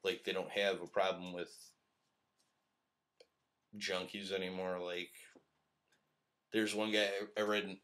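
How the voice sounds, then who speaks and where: A man's voice: sits low, flat delivery, slow pace, pauses often, a bit bright. A man hosting a podcast, telling a long story in casual chat, rambling and swearing with frequent laughs. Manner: profane, rambling, laughs often. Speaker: podcast host. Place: live-streamed podcast.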